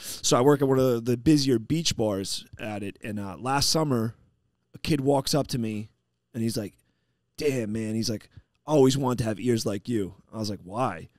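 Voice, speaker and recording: A man hosting a podcast, telling stories in a casual, animated way and acting out the people he quotes. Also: mid-range voice, moderate pace, no echo, clean studio sound. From New York. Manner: animated, acts out quoted people, swears freely. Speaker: podcast host. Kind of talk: casual storytelling chat.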